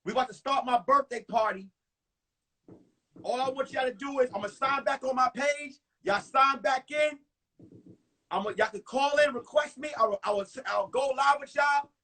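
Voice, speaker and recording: A young man, telling a profane, animated comic story in a one-man live-streamed show. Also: extremely high pitch, moderate pace. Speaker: comedian.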